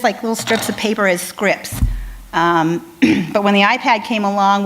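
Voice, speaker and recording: A woman speech pathologist giving an animated conference talk, telling stories with frequent ums and restarts. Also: medium pitch.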